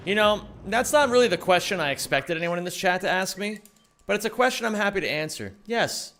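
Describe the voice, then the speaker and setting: Lively, swearing young speedrunning streamer man. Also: sits high, fast talker, soft background music. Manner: profane, self-coaching, chatty with viewers. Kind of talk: casual livestream chat while speedrunning.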